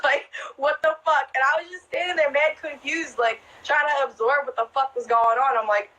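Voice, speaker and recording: A woman's voice: sits high, fairly even intonation, moderate pace, bright, forceful tone, low-quality recording. A young woman, a club dancer, telling stories in casual chat, swearing freely, laughing often and packing her talk with fillers. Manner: profane, laughing, lots of "like" fillers. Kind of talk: casual storytelling.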